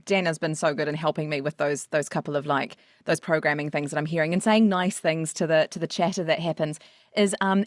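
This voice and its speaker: A woman's voice: low voice, no room sound, clean studio sound. A woman co-hosting a podcast, talking reflectively and openly about her own experiences and laughing often. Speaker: podcast co-host. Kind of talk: casual chat.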